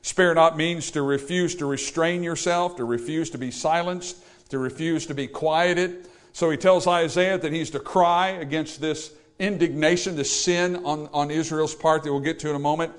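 A man's voice: fairly high pitch, fairly even intonation, moderate pace. A man preaching a sermon, earnest and emphatic, repeating key words to drive his points home.

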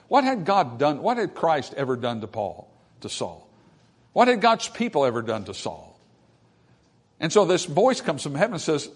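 A man's voice: fairly high pitch, very animated, moderate pace. A male preacher delivering a sermon, building to emphatic peaks and dropping into folksy asides.

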